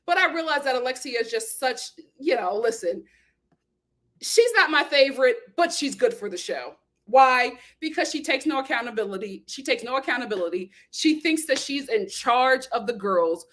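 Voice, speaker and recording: Emphatic woman host, high-pitched, chatty reality TV commentary. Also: normal speed. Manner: emphatic, animated, acts out quotes.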